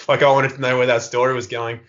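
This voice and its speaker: A man with a mid-range, fairly bright voice speaks briskly and flatly as a podcast guest. He tells a rambling, funny anecdote full of fillers and laughter, casual storytelling in an interview, captured in slightly lo-fi podcast audio.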